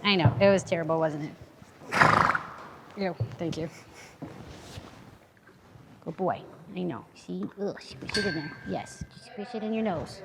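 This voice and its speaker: A woman working as a horse handler, coaxing a horse along with lively, sing-song encouragement. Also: lowish voice, a little slow, vocal fry, pauses often, heavy background noise. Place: outdoor horse shelter pen.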